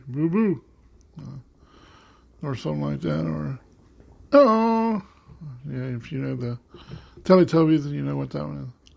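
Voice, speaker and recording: Guy rambling on his home radio show, gravelly, kinda high voice, lots of ums. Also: mellow. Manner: rambling, many fillers and restarts. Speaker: podcast host. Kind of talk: casual solo radio-show monologue. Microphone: home desk microphone.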